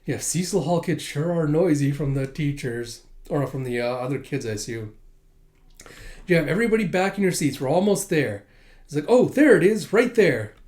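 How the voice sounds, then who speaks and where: A man's voice: on the high side, animated, normal speed, a little mellow. A man giving a casual chapter recap as a manga reviewer, chatty, with frequent laughs and fillers.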